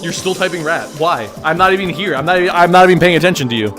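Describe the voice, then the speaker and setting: A young man live-streaming and chatting with his viewers, loud and excitable, joking at his own expense and bursting into yells. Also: fairly high pitch, fast, over music. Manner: joking, self-mocking banter with chat. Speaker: livestreamer.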